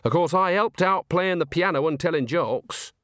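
A man's voice: a little high, normal speed, a bit bright, dry recording, studio quality, voice pushed up, lightly acted. A man voicing a chatty, cheeky old witch. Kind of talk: audiobook character voice.

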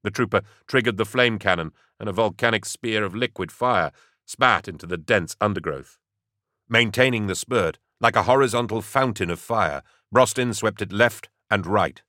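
A man narrating an audiobook in steady, even storytelling. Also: fairly low pitch, normal speed, no room sound, clean studio sound.

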